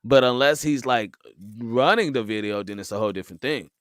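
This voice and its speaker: Man co-hosting with a smooth clear voice. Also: medium pitch, fairly quick, no room sound, clean studio sound. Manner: animated, storytelling, joking. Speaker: podcast co-host. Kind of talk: casual chat.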